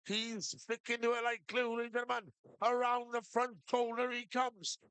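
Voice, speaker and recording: A man giving steady blow-by-blow live commentary on a shearing competition. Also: very high voice, normal speed, clean tone, no echo. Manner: steady blow-by-blow calling of each shearing move. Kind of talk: live sports commentary over a PA.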